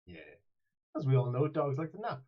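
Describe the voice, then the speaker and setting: A man's voice: on the high side, sing-song, fairly quick. A man running a tabletop game as game master, rambling and playful, often restarting his sentences, on a dull, lo-fi mic.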